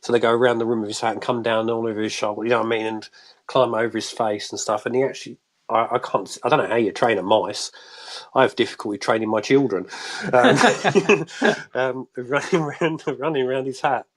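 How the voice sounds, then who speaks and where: A man phones in as a guest on a live online show and chats casually, rambling and frequently restarting his sentences. His voice is mid-range and he talks fairly quickly.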